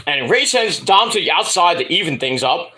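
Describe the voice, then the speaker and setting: A man giving a casual, profane, animated recap as a wrestling show reviewer. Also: a little high, normal speed.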